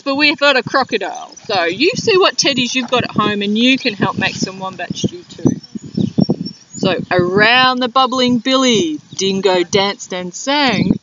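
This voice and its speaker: An Australian teacher reads a picture book aloud to young children, slowly and clearly, with a warm, encouraging manner. Her voice sits a little high. She is outdoors in a school playground, and the recording is dull and lo-fi, with wind rushing past the mic.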